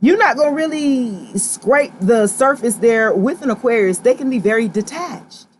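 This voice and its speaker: A woman reads tarot live for her viewers. She talks to them bluntly and with plenty of attitude. Her high voice swoops up and down a lot, with a faint hum in the background. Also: moderate pace. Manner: sassy, direct, slangy, animated. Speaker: tarot reader.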